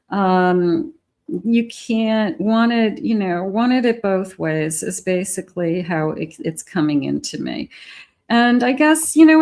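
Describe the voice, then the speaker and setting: A woman's voice: medium pitch, darkish tone. A woman giving a collective tarot reading, talking chattily and directly to the viewer. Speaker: tarot reader.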